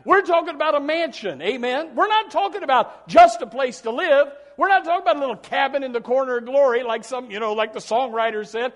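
A middle-aged male pastor preaching a sermon with emphatic swings in loudness, often repeating and restarting his words. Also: very high voice, lively intonation, a little fast, hardly any pauses.

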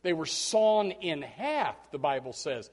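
A pastor preaches to his congregation in a slightly high, sing-song voice at a slow pace. He acts out quoted voices and repeats words as he builds his points.

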